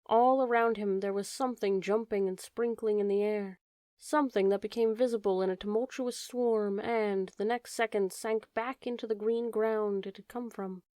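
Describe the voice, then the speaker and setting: A woman narrating a classic animal fairy tale as an audiobook, reading in a slow, measured way. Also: medium pitch, fairly even intonation, mellow, no echo, studio quality. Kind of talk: scripted storybook narration.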